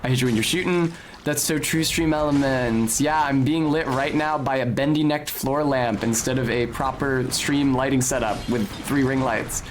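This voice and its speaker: A man streams a video game and narrates his play with wry, casual commentary, swearing now and then. His medium-pitched voice keeps a steady tone at normal speed, with a little hiss or hum in the background.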